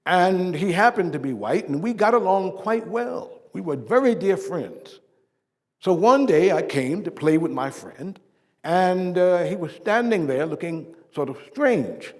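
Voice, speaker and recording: A male actor portraying a dignified civil rights preacher, higher-pitched man, stately storytelling, sudden loud swells and soft drops, live stage monologue, long hall reverb. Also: lively intonation. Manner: measured oratory with emphatic swells and hushed drops. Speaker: living-history performer. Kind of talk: first-person living-history monologue. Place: stage performance.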